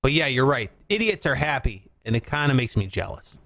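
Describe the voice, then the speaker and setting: A man hosting a podcast, riffing in casual comic chat, rambling and breaking into shouts for bits. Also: medium pitch, sing-song, fairly quick. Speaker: podcast host.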